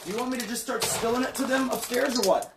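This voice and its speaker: A man's voice: very high voice, quick pace, vocal fry. A man arguing heatedly and profanely with his wife at home, in a confrontational, ranting manner. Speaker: streamer's husband. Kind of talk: heated argument on a livestream. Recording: roomy, distant mic with loud background noise and dogs.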